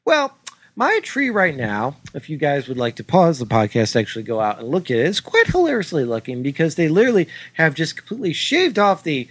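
A man co-hosting a comedy podcast, telling a story in an exasperated, swearing, animated way. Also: a little high, fairly quick, no room sound. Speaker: podcast co-host. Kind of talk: casual chat, ranting story.

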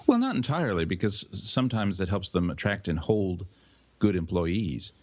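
A man on a podcast panel, calmly explaining things at length in casual chat. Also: deep voice, normal speed.

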